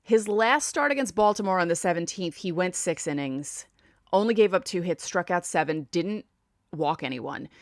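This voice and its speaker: A woman's voice: fairly low pitch, lively intonation, normal speed, no room sound, studio quality. A woman with a New York accent hosting a casual solo sports podcast, chatting and thinking aloud as she reads out stats. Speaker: podcast host.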